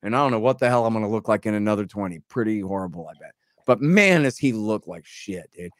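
A man's voice: on the low side, fast talker, no echo. Sarcastic, rambling man with a dry close sound. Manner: rambling, sarcastic, animated retelling with mock quotes. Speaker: podcast co-host. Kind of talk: casual political podcast chat.

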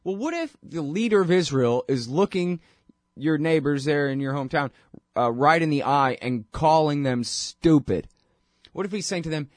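A man's voice: a little high, expressive, normal speed, no echo, studio quality. A man hosting a talk show, delivering a sarcastic, opinionated political monologue that builds to indignant outbursts.

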